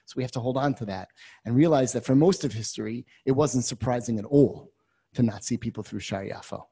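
A man teaching a class on a biblical text, moving from quiet asides to loud, impassioned readings and using many Hebrew terms. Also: mid-range voice, brisk, vocal fry, breathy edge. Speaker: Torah teacher.

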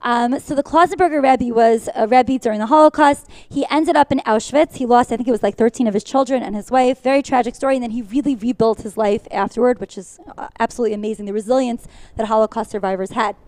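Fast-talking woman teaching a class. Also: a little high, steady tone, a little mellow, no room sound. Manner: fast-talking, apologizes for speaking quickly; earnest, uses many fillers. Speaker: Torah teacher. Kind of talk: class lecture with storytelling.

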